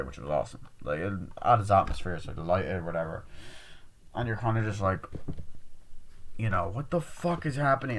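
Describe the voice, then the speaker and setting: Man retelling a film casually. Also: fairly low pitch. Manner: retells scenes acting out shouted, swearing quotes; rambling with many fillers. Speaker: movie reviewer. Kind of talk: casual spoken film review.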